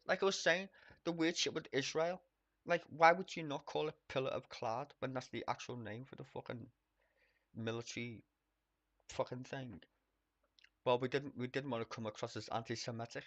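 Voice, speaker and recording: A man's voice: a little high, expressive, normal speed, a bit bright, dry recording. A man streaming live, ranting casually and mockingly about the news, swearing often and laughing.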